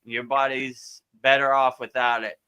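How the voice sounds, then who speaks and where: Laid-back guy teacher giving advice on a live q&a, bright clear voice, lots of uh and you know. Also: mid-range voice, level tone, unhurried, dull audio. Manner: easygoing, repeats words, many fillers. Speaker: spiritual teacher.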